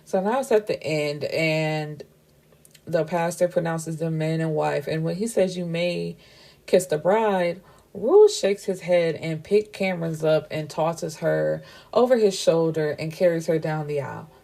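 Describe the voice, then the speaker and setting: A woman's voice: low voice, moderate pace, gravelly, dark tone. A woman casually recapping a novel's plot as a book reviewer, chatty and full of fillers and self-corrections.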